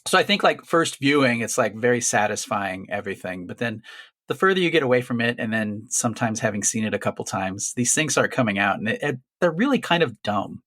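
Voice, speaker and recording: A man's voice: mid-range voice, animated, a little fast, a bit bright. A man co-hosting a casual film podcast, bluntly criticizing a plot and swearing freely. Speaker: podcast co-host.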